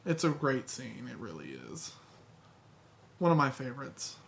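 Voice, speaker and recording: A man's voice: mid-range voice, big pitch swings, a little slow, vocal fry, a little hiss or hum. A man chatting casually on a podcast, rambling and restarting sentences mid-thought. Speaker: podcast co-host. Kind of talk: casual chat.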